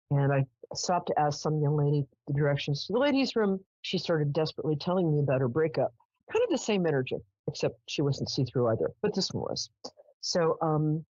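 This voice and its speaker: A woman's voice: deep voice, no room sound, muffled recording. A woman hosting a live psychic call-in show, who chats casually, tells stories and laughs often. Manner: chatty, animated, lots of "um"s and laughs. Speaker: psychic radio host.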